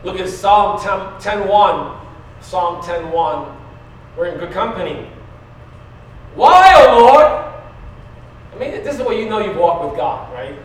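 Pastor guy preaching, high voice, super echoey church hall, mic kinda far off. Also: moderate pace. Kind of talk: sermon. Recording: very echoey room, mic at a distance.

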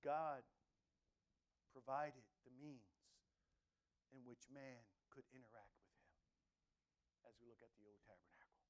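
A man preaching a sermon, shifting between hushed near-whispers and loud, emphatic lines, and acting out inner dialogue. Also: medium pitch, unhurried, long pauses. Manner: animated preaching, swings from soft murmurs to loud emphatic lines; acts out inner dialogue in different tones. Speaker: pastor.

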